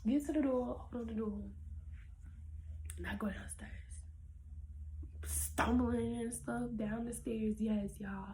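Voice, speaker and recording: A woman's voice: on the high side, a little hiss or hum, low-quality recording. Young woman telling a story, half-whispered. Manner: animated, often dropping to a whisper. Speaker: vlogger. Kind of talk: casual storytime.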